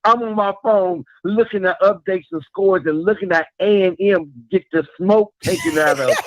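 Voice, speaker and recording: A man's voice: high-pitched, fairly even intonation, moderate pace, few pauses, dry recording. A man calling in to a live show, talking in an earnest, rambling way and repeating himself as he praises the host. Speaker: caller. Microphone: phone call. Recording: muffled phone-in line.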